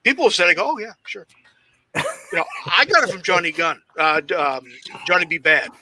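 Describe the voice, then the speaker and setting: A man's voice: high voice, very animated, fast talker, bright, forceful tone, slight background noise. A man, a professional wrestler as guest, telling rambling, profanity-laced anecdotes in a casual interview. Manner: heavy swearing, rambling anecdotes; self-described shy and socially awkward.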